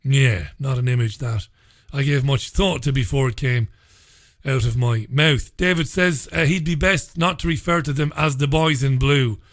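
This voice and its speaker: A man's voice: medium pitch, moderate pace. A man hosting a talk radio show, reading listener messages and answering them with blunt, sarcastic remarks. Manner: sardonic, sarcastic; blunt, swears freely.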